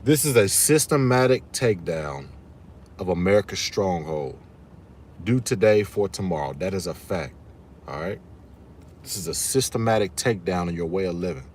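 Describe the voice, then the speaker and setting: A man's voice: deep voice, expressive, normal speed, a little mellow, slight background noise. A man hosting his own live stream, talking casually and emphatically to his viewers, calling them y'all and repeating his points. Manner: fired-up, emphatic, repeats key phrases, addresses viewers as y'all. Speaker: channel host streaming live.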